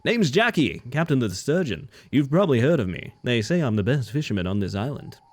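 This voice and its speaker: A friendly, boastful fishing-boat captain from a video game, folksy and chatty, as a man reads his lines aloud. The voice swings lively up and down, with a mid-range pitch. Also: a little fast.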